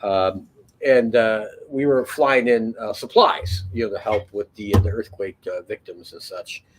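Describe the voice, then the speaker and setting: A man's voice: fairly low pitch, unhurried, slight background noise. A man telling a long story in a casual, rambling way, full of fillers, restarts and swearing. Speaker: podcast host.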